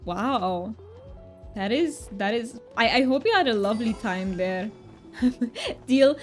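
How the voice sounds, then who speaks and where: A woman from Romania, streaming a game and chatting with her viewers in a bubbly, giggly way. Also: fairly high pitch. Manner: bubbly and giggly, with frequent laughs and restarts. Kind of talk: casual live-stream chat, reading chat aloud.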